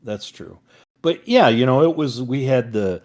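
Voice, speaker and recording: A man's voice: mid-range voice, expressive, unhurried, a little mellow. An older man, a father co-hosting a family podcast, chatting casually in a rambling way with many fillers and restarts. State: recovering from a summer cold.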